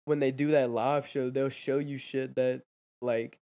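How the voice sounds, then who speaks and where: A man's voice: mid-range voice, flat delivery, a little slow, mellow. A young man, hosting a podcast and chatting casually, rambling and swearing with constant fillers. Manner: rambling, profane, fillers "dude" and "like". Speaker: podcast host. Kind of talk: casual chat.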